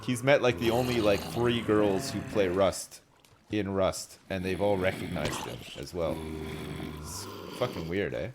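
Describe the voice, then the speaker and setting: A man streaming a game live, chatting casually with viewers, joking, swearing and telling stories with animated energy. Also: low voice, unhurried, noisy background. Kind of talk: casual live-stream chat while gaming.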